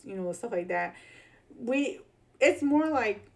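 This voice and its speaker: A woman's voice: fairly high pitch, lively intonation, slow. A woman with a Chicago accent talking casually in a vlog, slangy, rambling and fired up. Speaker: vlogger.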